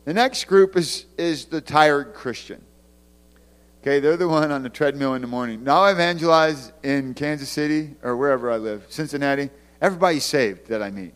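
A man's voice: a little high, fairly quick, clear, resonant tone. A man who works as an evangelist, giving a casual, conversational sermon full of stories and restarts. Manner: conversational storytelling, many restarts. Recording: long hall reverb.

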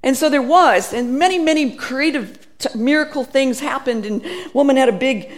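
High-voiced woman preaching a sermon. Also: normal speed. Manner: animated storytelling, laughing between phrases.

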